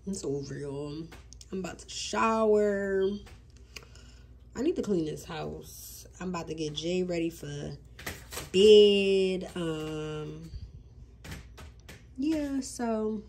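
A woman's voice: fairly low pitch, slow, long pauses, darkish tone, slight background noise. A young woman vlogging casually to her phone camera, chatty and full of "y'all" as she talks to viewers. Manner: chatty, repeats herself, says "y'all" a lot. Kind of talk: casual vlog talk to camera. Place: restaurant, then her home.

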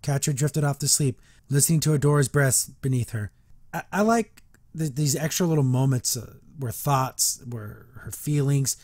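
A man's voice: mid-range voice, moderate pace, a little mellow, no room sound. A male podcast host reading a book aloud and reviewing it in a chatty, rambling way, restarting often.

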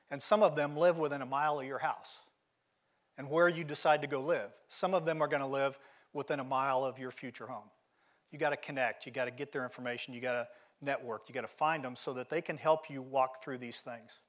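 A man's voice: mid-range voice, fairly even intonation, brisk. A middle-aged man giving a motivational keynote at a seminar, telling stories in a direct, emphatic way. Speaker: keynote speaker. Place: seminar venue.

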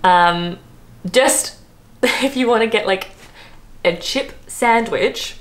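A woman's voice: on the high side, takes it slowly. A young Australian woman chatting casually to camera as a vlogger, laughing often and drifting into asides.

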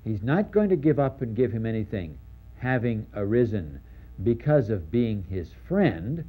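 This lecturer on the New Testament parables has a man's voice on the low side, heard through a low-quality recording. With animated emphasis, he acts out quotations and asks his audience rhetorical questions.

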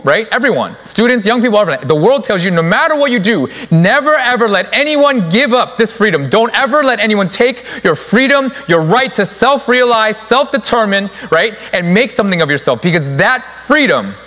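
A man's voice: high-pitched, fairly bright tone, long reverb tail. A young adult man preaching a sermon in a church, stressing key words by repeating them. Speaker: pastor. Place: church sanctuary.

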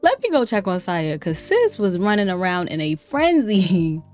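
A young woman giving casual commentary on a life-simulation game, chatty and playful, laughing often and breaking into excited exclamations. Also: medium pitch, moderate pace. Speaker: let's play streamer. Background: faint lofi background music.

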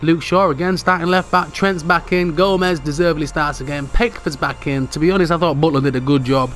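A young man commentating his football game, bursting into mock-broadcast shouting at big moments. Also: a little high, steady tone, a little fast. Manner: shouts in mock-broadcast commentary at goals, chatty and swearing mildly otherwise. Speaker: gaming commentator.

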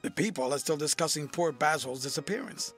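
A witty, cynical aristocrat of a storybook drawls his epigrams with amused ease, as a male narrator reads him. The voice sits fairly high for a man, with faint music drifting underneath. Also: brisk, fairly bright tone, close to an everyday voice.

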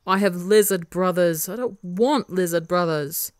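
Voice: mid-range voice, measured pace, no room sound, clean studio sound, natural voice. A storyteller voicing a playful, teasing young boy who turns dramatic and whiny. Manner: teasing, sing-song, dramatic.

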